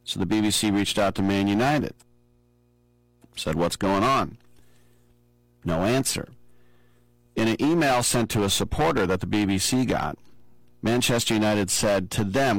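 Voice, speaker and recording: A man casually telling a lively personal story on a podcast, acting out the quotes. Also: on the low side, a little slow, long pauses, no room sound, rough recording. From from abroad, flew in to see matches. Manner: animated anecdote-telling with acted-out quotes.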